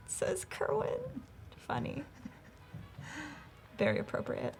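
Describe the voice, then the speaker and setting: A woman's voice: medium pitch, lively intonation, unhurried, a bit bright. A woman co-hosting a drawing livestream, chatting and reading out viewer comments and timings. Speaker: co-host reading viewer chat.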